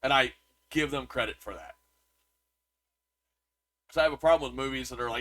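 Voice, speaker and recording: A man's voice: medium pitch, brisk, long pauses, sharp tone, no echo. A man co-hosting a podcast, chatting casually about a movie and reading reviews aloud, with lots of restarts. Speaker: podcast co-host.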